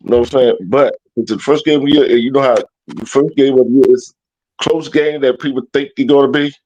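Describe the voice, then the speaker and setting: A man co-hosting a casual football talk, speaking in a halting, loose way. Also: steady tone, darkish tone. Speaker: co-host panelist. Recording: muffled low-quality audio.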